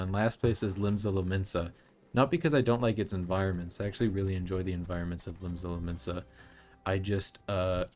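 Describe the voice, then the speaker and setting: Young male streamer, slightly low voice, opinionated rambling, game music in the background. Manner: chatty, opinionated, rambling with restarts. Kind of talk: casual live-stream chat while playing.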